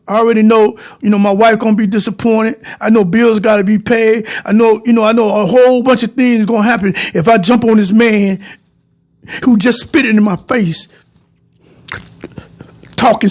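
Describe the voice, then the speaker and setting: A man with a very high voice tells his viewers a personal story. He rambles, doubles back on his phrases and speaks to the audience directly.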